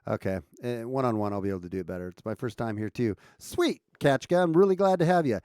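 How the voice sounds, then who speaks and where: A man's voice: mid-range voice, expressive, fast talker, darkish tone, clear, resonant tone, no room sound, studio quality. An American man hosting a casual livestream, chatting loosely and reading viewers' comments with frequent restarts and chuckles. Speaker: livestream host.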